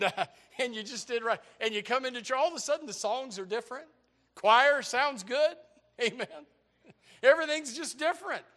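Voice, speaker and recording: An older man preaching a sermon, animated and joking, with bursts of shouting. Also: sits high. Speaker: pastor.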